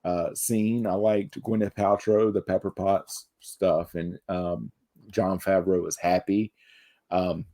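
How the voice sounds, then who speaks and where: A man's voice: low voice, fairly even intonation, slow pace, warm tone. A man co-hosting a podcast in casual chat, with a wry, self-deprecating humor. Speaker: podcast co-host.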